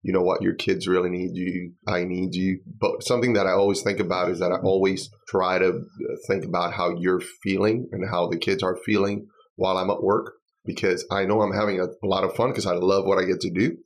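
A man with a very low, deep voice talks earnestly on a podcast. He rambles a little, heartfelt and sincere, in relaxed conversation. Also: a little fast. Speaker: podcast guest and worship singer. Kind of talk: casual chat.

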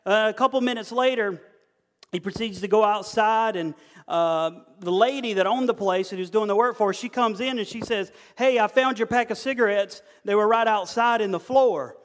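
A man's voice: high voice, moderate pace, fairly bright tone. A man preaching to a group, telling funny stories folksily and acting out the people in them. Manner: folksy, storytelling, acts out quoted voices. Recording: long hall reverb.

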